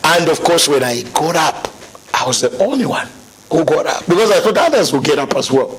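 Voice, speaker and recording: A middle-aged man telling his conversion story as a guest, animated and laughing now and then. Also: a little high, a little fast, a little hiss or hum. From Zambia. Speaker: guest sharing testimony.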